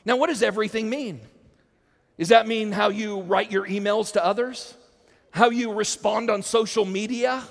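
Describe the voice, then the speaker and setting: A man's voice: high voice, vocal fry. A male pastor preaching a sermon, calling the congregation to repeat lines after him. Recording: long hall reverb.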